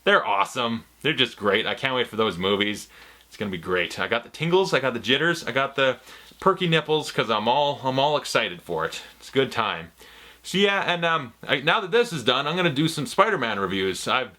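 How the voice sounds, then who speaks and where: A young man rambling excitedly and swearing freely in a casual movie review vlog. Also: medium pitch, a little fast.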